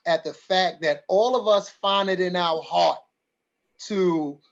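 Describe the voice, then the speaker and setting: A man's voice: high-pitched, slow, gravelly, muffled recording. A man hosting a community forum over a video call, emotional and rallying, repeating his phrases for emphasis. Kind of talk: livestreamed community meeting.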